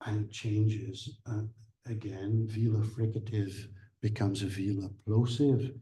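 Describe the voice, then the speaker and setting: A man lecturing at an academic seminar, pausing often with fillers and restarting his sentences. His voice sits a little low and sounds mellow and dark, and he speaks very slowly. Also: fairly even intonation. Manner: measured, halting, with many fillers and restarts.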